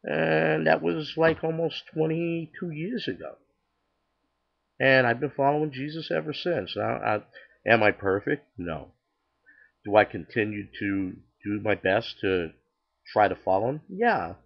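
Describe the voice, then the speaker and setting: Speaking a little slowly in a creaky, medium-pitched voice, an older man shares his faith testimony in a chatty way. He acts out conversations and keeps restarting, and the audio has its highs cut off.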